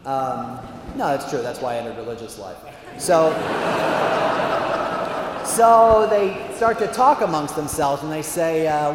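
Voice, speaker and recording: A male priest in a big hall tells jokes in a chatty, animated style with plenty of fillers. His voice sits a bit high, and it rings with a long hall reverb over faint background ambience. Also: measured pace, slight background noise. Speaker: priest speaker. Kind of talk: humorous talk with jokes.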